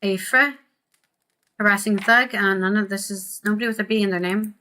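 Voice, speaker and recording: A woman's voice: mid-range voice, fairly even intonation, normal speed, pushed and bright. A woman streamer giving chatty let's-play commentary, reading quest text aloud and reacting as she plays. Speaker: gaming streamer.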